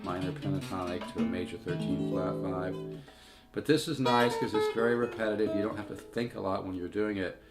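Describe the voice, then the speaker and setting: Older guy with a really low voice teaching guitar, rambly, guitar playing loud behind him. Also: brisk. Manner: rambling, conversational, with frequent asides. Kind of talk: casual guitar lesson. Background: his own guitar playing.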